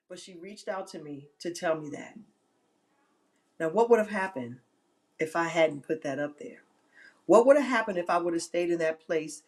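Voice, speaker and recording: A woman's voice: lowish voice, normal speed, darkish tone. A woman hosting an inspirational live-stream talk, emphatic and given to repeating phrases for effect.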